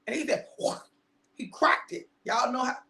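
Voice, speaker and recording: A middle-aged woman preaching an energetic sermon, animated and repetitive, laughing and shouting for emphasis. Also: on the high side, a little fast. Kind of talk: energetic sermon on a live stream.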